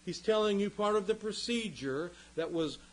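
A man preaching a sermon with passion, rising to loud emphasis and dropping low again. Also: expressive, normal speed, rough recording. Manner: impassioned, swings from loud emphasis to quiet.

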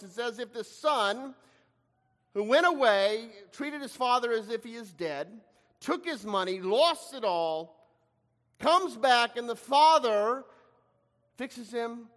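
High-voiced preacher in a reverberant hall. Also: male voice, animated, slow pace. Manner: dramatic, acts out quoted voices with shifting loudness. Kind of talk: sermon.

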